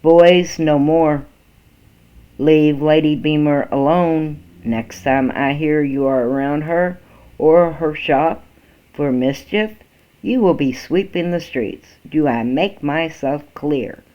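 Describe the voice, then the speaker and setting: A man voicing a stern older father figure who scolds in a measured way, heard on a dull lo-fi recording. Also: medium pitch, lightly acted.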